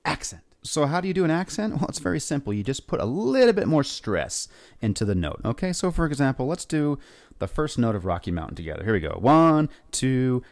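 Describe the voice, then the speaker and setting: A man's voice: medium pitch, very animated, fast talker, darkish tone. A male music teacher leading a lesson for young kids, upbeat and coaxing them to repeat words and sing along. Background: faint guitar.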